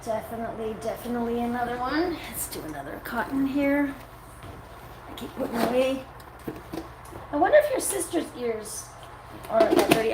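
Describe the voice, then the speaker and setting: A woman with a slightly high, animated voice talks at a normal speed while live-streaming as a dog groomer, chatting casually with viewers and cooing at the dog between remarks. Her own mic isn't set up, so she's picked up by the device's built-in mic indoors, in an echoey room with background noise.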